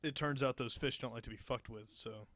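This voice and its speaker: A young man on a podcast, easygoing and profane, laughing his way through a story from work. His medium-pitched voice sits close to the mic in a dry, dead room. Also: steady tone, brisk, fairly bright tone, no echo. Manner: laid-back, profane, laughing through anecdotes. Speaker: podcast co-host. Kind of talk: casual storytelling chat.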